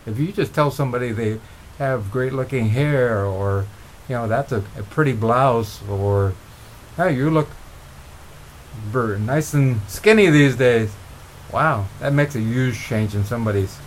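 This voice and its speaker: A middle-aged man telling motivational stories in a relaxed, rambling way, with frequent restarts. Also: mid-range voice, a little hiss or hum. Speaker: motivational speaker. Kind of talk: motivational storytelling.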